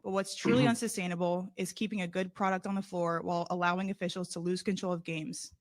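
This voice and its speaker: A woman, a professional basketball player, delivering a prepared public statement in a measured way, slightly out of breath. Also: fairly low pitch, steady tone.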